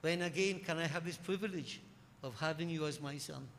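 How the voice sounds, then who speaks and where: A devoted divine mother implores her son to return, as a male preacher quotes her. The voice is soft and bright, with a hall ringing around it. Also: on the high side, a little fast, vocal fry, a little hiss or hum. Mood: yearning. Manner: yearning, imploring. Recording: echoey hall with faint ambience.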